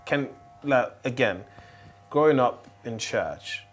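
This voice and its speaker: A man's voice: medium pitch, expressive, takes it slowly, soft background music. A man on a panel talking about church, emphatic and repeating words as he builds his points. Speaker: pastor's child on a panel. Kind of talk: candid panel discussion.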